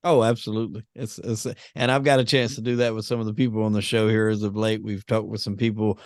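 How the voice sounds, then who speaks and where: A man hosting an interview in a relaxed, conversational way. His voice is low and smooth, recorded dry and close. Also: fast, no echo. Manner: easygoing, conversational. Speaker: interview host. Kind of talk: casual interview chat.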